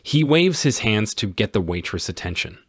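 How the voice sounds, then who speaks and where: A man reading a simple story aloud for English learners, with clear, emphatic storytelling. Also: fairly low pitch, very animated, normal speed, no echo, clean studio sound. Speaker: story reader.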